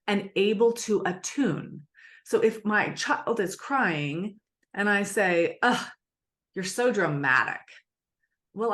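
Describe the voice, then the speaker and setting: A woman guest on an interview podcast, explaining things earnestly and acting out little example dialogues. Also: mid-range voice. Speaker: attachment expert guest.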